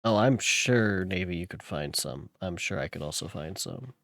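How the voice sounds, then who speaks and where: A young man with a fairly low voice, recorded close and dry with no room sound. He chats loosely with his viewers and then slips into reading a novel aloud at an easy, unhurried pace. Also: no echo. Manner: relaxed, chatting with viewers between read passages. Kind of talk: casual chat mixed with reading aloud.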